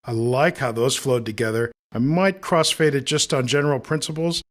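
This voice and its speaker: This is a man with a medium-pitched voice at normal speed, walking viewers through audio editing in a screen recording. He shows each step while thinking aloud in an easygoing, explanatory manner.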